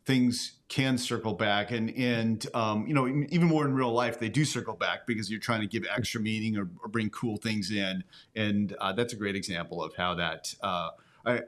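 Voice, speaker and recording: Low-voiced man musing as host. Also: a bit bright. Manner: reflective, musing. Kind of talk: casual commentary.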